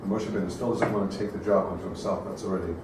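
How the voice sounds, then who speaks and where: A man, a student in a class, offering quick tentative suggestions. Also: low-pitched, fairly even intonation. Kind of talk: class discussion. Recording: echoey room, far from mic, clear noise.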